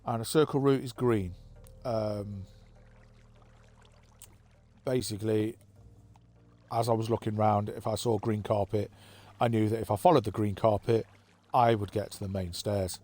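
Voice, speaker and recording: A man giving a relaxed, rambling tour of his game map, thinking aloud with plenty of fillers. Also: fairly low pitch, a little slow. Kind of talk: casual gameplay commentary. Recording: faint background music.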